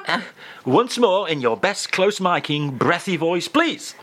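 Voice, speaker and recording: Radio dj guy, bit higher voice, bouncy up and down, joking around. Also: measured pace. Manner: playful, jokey, animated delivery. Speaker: radio presenter. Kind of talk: comic radio chat. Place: radio studio.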